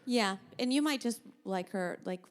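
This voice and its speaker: A woman's voice: a little high, animated, normal speed, slight background noise. A woman hosting a podcast, chatting casually and offering supportive advice. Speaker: podcast host. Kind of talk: casual chat.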